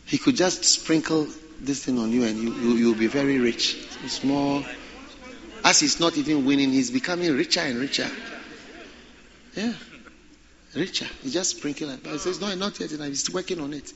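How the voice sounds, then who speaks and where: A man preaching a sermon, animated and repeating phrases for emphasis. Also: mid-range voice, moderate pace, muffled recording.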